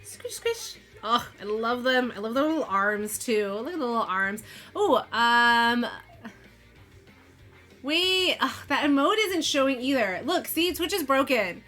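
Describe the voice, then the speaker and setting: Bright-voiced chatty woman, Valley Girl lilt. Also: high voice, expressive, moderate pace, hardly any pauses. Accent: Valley Girl inflection. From Missouri, USA. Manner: chatty and rambling, full of "like". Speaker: streamer crocheting live. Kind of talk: casual live-stream chat. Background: faint background music.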